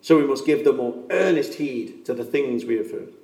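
A man's voice: medium pitch, lively intonation, normal speed, darkish tone, slight background noise. A man preaching a sermon in an earnest, emphatic way, repeating key phrases for weight. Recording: echoey room, voice from a distance.

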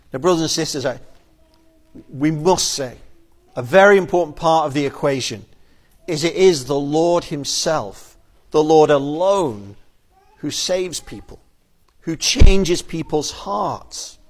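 A male pastor preaches a sermon from the pulpit in a voice pitched a little above the typical male range. He speaks earnestly and often repeats a word when starting a new phrase.

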